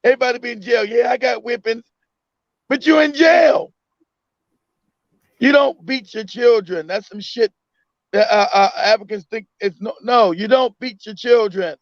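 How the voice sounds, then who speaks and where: A high-pitched man talks in a casual chat, emphatic and repeating his points. The sound is dry and close. The audio is dull and lo-fi. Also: moderate pace, no echo. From United States. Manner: emphatic, repeats himself, acts out a mother.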